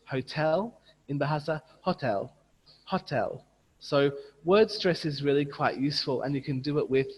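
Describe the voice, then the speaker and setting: A man leading an online teacher training, patiently modelling words slowly and repeating them for his audience over a video call. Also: mid-range voice, husky, in a large hall, poor audio. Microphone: computer mic on a video call.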